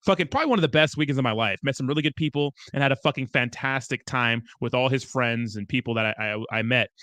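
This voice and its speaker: A man's voice: medium pitch, fast, bright, forceful tone, no echo, clean studio sound. A young man hosting a crypto livestream, chatting casually, reading viewer comments and rambling with lots of swearing. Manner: profane, rambling, loose and chummy.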